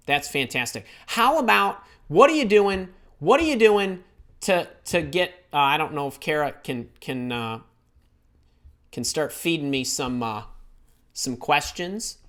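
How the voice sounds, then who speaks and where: A middle-aged man hosting a live career advice stream from home, talking in an excitable, scattered way as he reads the chat. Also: on the high side, a little slow. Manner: energetic, excitable, scattered while reading chat. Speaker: host.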